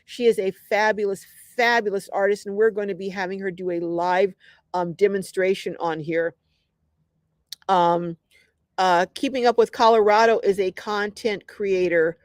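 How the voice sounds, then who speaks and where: A woman's voice: mid-range voice, steady tone, normal speed, no room sound. Middle-aged lady running a livestream, chatty and upbeat, lots of ums, dry mic. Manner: chatty, upbeat, lots of ums, reads viewer comments aloud. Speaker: livestream host. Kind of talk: casual livestream chat reading comments.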